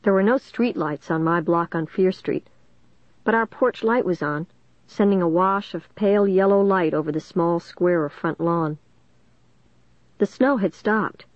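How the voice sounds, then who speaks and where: A young adult woman giving a steady, suspenseful first-person audiobook narration on a close mic. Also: on the low side, measured pace, no room sound. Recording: dull dry lo-fi recording.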